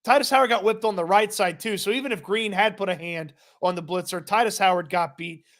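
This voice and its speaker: A man co-hosting a sports podcast, recapping a football game play by play in a casual, quick, laughing manner. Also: high voice, fairly bright tone. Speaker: podcast co-host.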